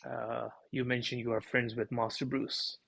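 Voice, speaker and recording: A man voicing a thin, frail, elderly butler who speaks with stiff formal politeness, softly and low in his husky voice. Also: little pitch movement, normal speed, no echo. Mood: stiffly polite. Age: older.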